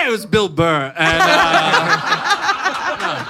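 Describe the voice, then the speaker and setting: A man's voice: extremely high pitch, drawn-out words, creaky, pauses often, a crowd in the background. A man with an Australian accent telling a rambling comic story on stage at a live podcast show. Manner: animated, shouts quoted lines. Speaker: podcast co-host.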